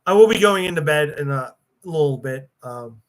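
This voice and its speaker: A man's voice: on the high side, animated, moderate pace. A man hosting a casual livestream, joking with viewers, laughing often and swearing, tired and yawning. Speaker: livestream host.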